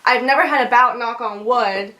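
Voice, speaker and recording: A woman's voice: fairly high pitch, moderate pace, bright, forceful tone. Chatty young woman telling a story. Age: young adult. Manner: chatty, laughing, filler-heavy, swears. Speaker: vlogger. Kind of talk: casual storytime.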